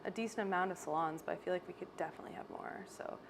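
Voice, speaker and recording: A woman's voice: on the low side, racing, vocal fry, noisy background. Bubbly Canadian woman, salon chat. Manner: bubbly, laughs often, animated storytelling. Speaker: salon owner. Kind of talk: casual interview chat. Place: hair salon.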